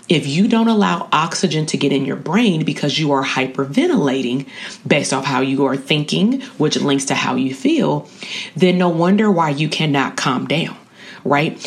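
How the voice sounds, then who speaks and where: An educator giving a casual spoken lesson on coping skills, talking in a slangy, conversational way and often checking in with the listener. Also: medium pitch. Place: at a college.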